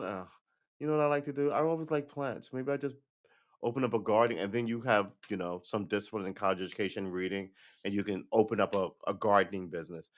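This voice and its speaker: A middle-aged man hosting a livestream, chatting casually to viewers in a loose, rambling way, swearing and laughing often. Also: lowish voice. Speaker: livestream host.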